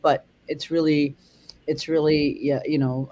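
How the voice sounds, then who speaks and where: A dog trainer talks through ideas in a mid-range voice. The delivery is halting and rambling, full of restarts. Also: mid-range voice, level tone, a little mellow. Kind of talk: casual chat.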